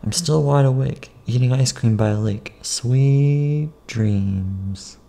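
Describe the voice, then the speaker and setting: A man reads his own picture book aloud in an unhurried, playful sing-song, chanting silly rhymes between asides about the pages. His voice is mellow and dark, with a gravelly rasp underneath. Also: mid-range voice.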